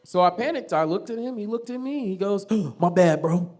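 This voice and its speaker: Crude, swearing stand-up comedian on a stage mic. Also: male voice, high voice, lively intonation, normal speed, noisy background. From Tulsa, Oklahoma. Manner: crude, swearing storyteller, riffing with the crowd. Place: small theater stage before a live audience.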